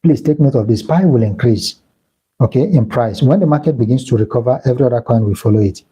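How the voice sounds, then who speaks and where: Husky Nigerian Igbo man, very dark voice. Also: mid-range voice, fast talker, low-quality recording. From southeastern Nigeria. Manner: repeats himself, thanks and blesses viewers. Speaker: crypto live-stream host. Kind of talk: casual live-stream Q&A.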